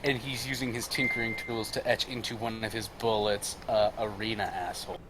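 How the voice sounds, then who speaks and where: A man's voice: mid-range voice, fairly even intonation, moderate pace, crowd noise. A man playing in a tabletop game, dry and confident. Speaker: player.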